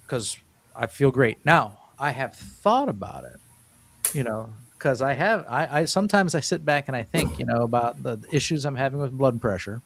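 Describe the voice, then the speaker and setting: A man's voice: medium pitch, vocal fry. A man in his fifties, a guest in an interview, telling his story in an earnest, rambling way with many restarts. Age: 50s. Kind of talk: casual interview talk.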